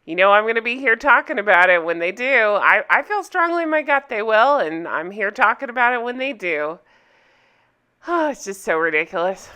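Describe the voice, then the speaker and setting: A woman's voice: on the high side, animated, normal speed, pushed and bright, smooth. A woman hosting a casual commentary vlog, ranting bluntly and swearing freely, with a sarcastic edge. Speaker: YouTube commentary host.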